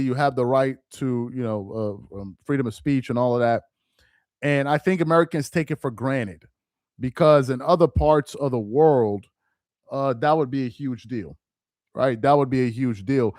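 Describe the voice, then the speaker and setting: A man's voice: mid-range voice, darkish tone, no room sound, studio quality. A man hosting a live stream, talking in loose slangy commentary and repeating himself for emphasis.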